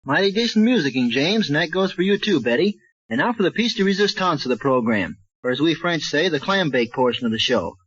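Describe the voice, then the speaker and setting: Wisecracking old-time radio comedy announcer. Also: male voice, fairly high pitch, lively intonation, a little fast, a bit bright. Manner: brash, wisecracking announcer patter. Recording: muffled old radio transcription.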